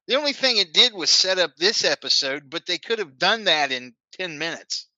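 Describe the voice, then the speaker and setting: A man's voice: sits high, expressive, normal speed, pushed and bright, dry recording, lo-fi sound. A man co-hosting a podcast, mostly chiming in with short agreements during a casual chat. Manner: brief agreeing interjections. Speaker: podcast co-host.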